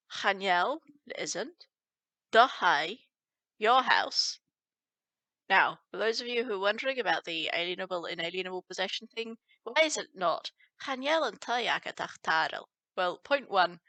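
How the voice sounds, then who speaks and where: A woman walks through a folk song as a teacher, breaking each line into words and explaining them. She speaks at an unhurried, careful pace with a bright, forward tone. The recording is dry and close, with no room sound. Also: mid-range voice, lively intonation, no room sound. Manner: slow, explains word by word, sings lines. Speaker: language teacher.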